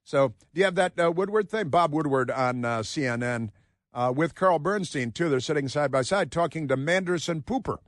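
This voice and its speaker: A man's voice: on the high side, moderate pace, no room sound, studio quality. A man hosting talk radio, mocking and rambling, with frequent filler words. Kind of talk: casual talk radio commentary.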